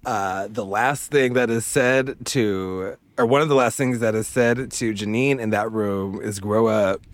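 Fast-talking laughing man recapping a show. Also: on the low side, no echo. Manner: animated, laughing storyteller, rapid and profane. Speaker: podcast co-host. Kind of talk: casual chat recapping a TV episode.

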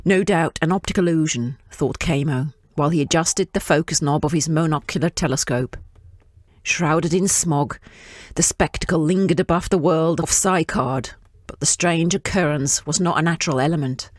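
A woman reading her own fiction aloud in a measured, descriptive way. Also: sits low, no echo, clean studio sound.

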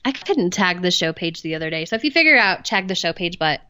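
A woman's voice: lowish voice, big pitch swings, fast, sharp tone, clean tone, no echo. A woman co-hosting a podcast as a coach, chatting enthusiastically with frequent fillers. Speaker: podcast co-host, business coach. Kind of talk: casual chat.

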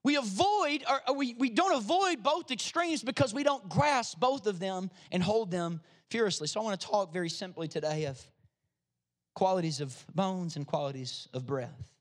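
A pastor with a high, expressive voice and moderate pace reads scripture to his congregation during a sermon, his emphasis climbing as he urges listeners to respond.

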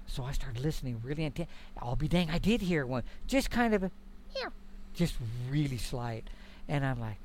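A middle-aged man tells a story in a slightly high voice, animated and folksy. He slips into the voices of the people he quotes as he goes. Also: slight background noise. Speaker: guest elk hunter. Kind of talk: storytelling in conversation.

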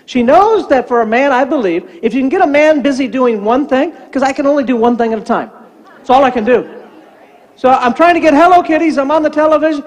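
A man's voice: very high-pitched, brisk, big-room sound. An older man, a pastor, preaching a sermon and acting out quotes as he tells a story. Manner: animated storytelling, acts out quotes.

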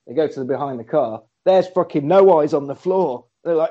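Animated man recapping a film. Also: fairly high pitch, a little fast, few pauses. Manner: animated storyteller, acts out characters' lines. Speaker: podcast co-host recapping a film. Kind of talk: casual film recap with swearing. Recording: slightly dull lo-fi recording.

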